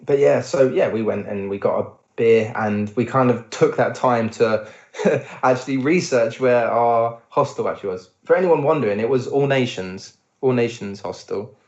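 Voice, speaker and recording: A young man, co-host of a travel podcast, telling stories in a casual, animated way and laughing often. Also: medium pitch, moderate pace, echoey room, muffled recording. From England.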